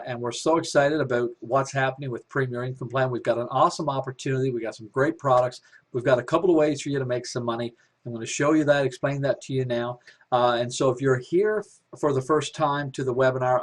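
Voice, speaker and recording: Upbeat man pitching a business webinar. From Canada. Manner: upbeat, repetitive, with many fillers and restarts. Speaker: company developer presenting a webinar.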